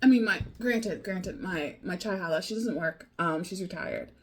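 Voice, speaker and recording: In a laid-back vlog, a young American woman with a lowish, breathy-edged voice speaks at a moderate pace. Her story wanders, packed with fillers, restarts, self-interruptions and laughter.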